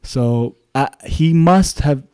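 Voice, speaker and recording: A man's voice: a little high, slow, mellow, clean tone, no room sound. Musician guest, male, loose anecdotal talker, dry recording. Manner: rambling anecdotal storytelling. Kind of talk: casual interview chat.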